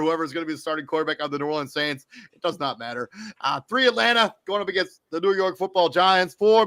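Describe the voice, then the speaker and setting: Bright, close-miked casual man talking football. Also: a little high, no echo. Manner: loose, off-the-cuff, self-correcting with fillers. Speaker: co-host giving fantasy football rankings. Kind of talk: casual sports podcast talk.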